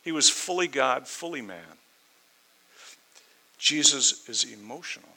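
A man preaching a sermon, reading scripture aloud and then explaining it in a conversational way, swinging between loud emphasis and quiet asides. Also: mid-range voice, animated, measured pace, husky, rough recording. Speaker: pastor. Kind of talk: sermon, verse-by-verse Bible teaching.

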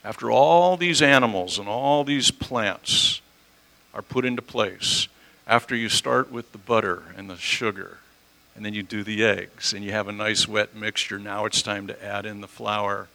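A man's voice: on the low side, measured pace, creaky, sharp tone, poor audio. A man preaching a conversational teaching sermon, using homely examples and correcting himself as he goes.

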